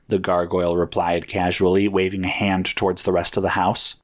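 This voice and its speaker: A man narrates a story with a measured, even delivery. His voice sits a little low and he keeps a steady storytelling pace. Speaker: audiobook narrator.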